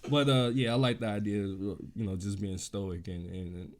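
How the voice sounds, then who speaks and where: A man's voice: fairly low pitch, normal speed, slight background noise. A man with a Chicago accent, co-hosting a casual podcast, giving rambling opinions full of "you know". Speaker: podcast co-host. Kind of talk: casual chat.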